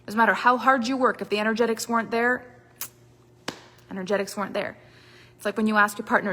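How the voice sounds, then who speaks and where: A woman's voice: medium pitch, fairly even intonation, fast, long pauses, background noise. Emphatic woman coaching in a reverberant hall. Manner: emphatic, repetitive, dramatic shifts in loudness. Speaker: business coach. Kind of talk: motivational talk to a group.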